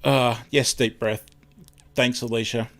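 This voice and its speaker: A man's voice: medium pitch, fairly even intonation, unhurried. Aussie guy chatting on his live stream, rambles and keeps tripping over his words. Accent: Australian. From Australia. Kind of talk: casual live-stream chat.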